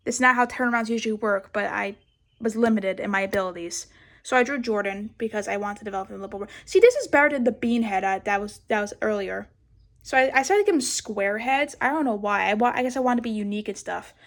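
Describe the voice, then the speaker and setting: A woman's voice: mid-range voice, expressive, quick pace. A young woman giving a casual, rambling sketchbook tour, swearing a lot and mocking herself. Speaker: vlogger.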